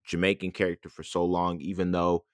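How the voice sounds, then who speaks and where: A man co-hosting a podcast in casual chat, ranting in an animated, exasperated way with many restarts. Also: deep voice, brisk, no room sound, studio quality. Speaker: podcast co-host.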